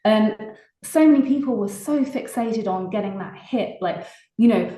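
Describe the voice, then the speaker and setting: A British woman, a singer-songwriter, chatting casually in an interview, laughing often between fast bursts of talk. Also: mid-range voice, expressive, mellow, reverberant, poor audio. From Britain.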